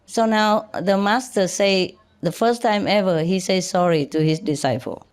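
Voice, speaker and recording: An older woman giving an informal spiritual talk in simple, halting English, chatty and often laughing. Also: medium pitch, clear, resonant tone. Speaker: spiritual teacher.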